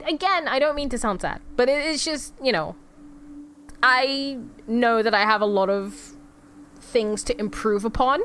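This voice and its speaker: A young woman chatting on a live stream with a high, bright-sitting voice that swoops all over the place. She talks in an animated, self-deprecating way and keeps laughing at herself between thoughts. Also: slight background noise. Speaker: VTuber streamer. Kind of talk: casual stream chat.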